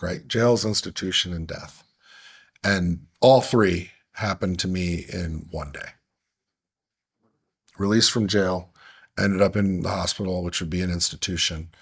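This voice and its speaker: Male guest, deep husky voice, earnest, halting storyteller. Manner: earnest, halting, many restarts and fillers. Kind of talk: candid personal storytelling.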